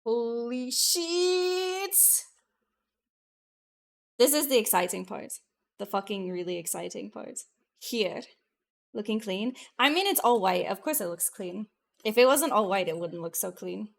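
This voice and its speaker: A woman VTuber streamer chatting casually with her live viewers, excitable and profane, jumping between loud bursts and muttered asides. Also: medium pitch, creaky.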